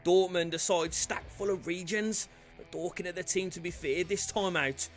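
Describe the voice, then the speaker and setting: A man commentating his football video game career with loud outbursts and cheeky banter. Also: high-pitched, normal speed, soft background music. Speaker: gaming YouTuber.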